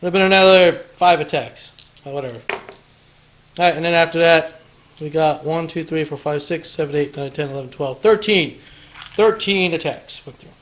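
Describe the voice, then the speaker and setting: A man's voice: a little high, normal speed, fairly bright tone, slight background noise, rough recording. A man hosting a tabletop wargame battle report, chatting casually through the play, counting dice aloud and throwing in playful taunts.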